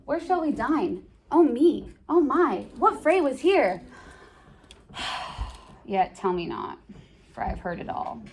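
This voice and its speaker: A self-pitying lovesick young man who sighs through every line, as a woman puts him on. He drags his words out slowly and mopes. The voice sits a bit high. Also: sing-song, darkish tone, slight background noise, exaggerated voice. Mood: moping. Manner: sighing, slow, self-pitying.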